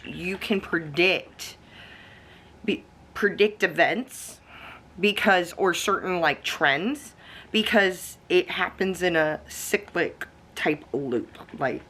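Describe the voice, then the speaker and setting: A woman's voice: deep voice, sharp tone, a little hiss or hum. A woman vlogger talking casually to her viewers, rambling with fillers and restarts, snacking and sipping coffee as she goes, with the odd swear word. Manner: eats snacks and sips coffee while talking. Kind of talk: casual talking-head vlog.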